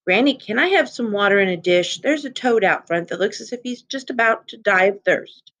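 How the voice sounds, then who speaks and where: A woman's voice: mid-range voice, expressive, brisk, fairly bright tone, pitched above the performer's own voice. Anxious young girl, urgent and pleading, read by a woman.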